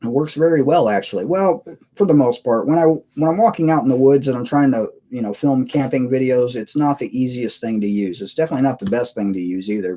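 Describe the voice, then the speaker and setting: A man from the United States chats casually on a live stream from his computer, his voice warm and mellow at a middling pitch. He rambles from story to story, chuckling and reading viewers' chat messages aloud. The sound comes through a cheap webcam mic.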